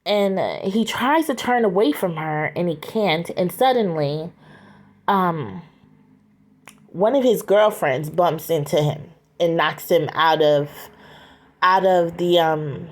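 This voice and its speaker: A woman casually retelling a story scene aloud, halting, with frequent fillers and restarts. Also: on the low side, lively intonation.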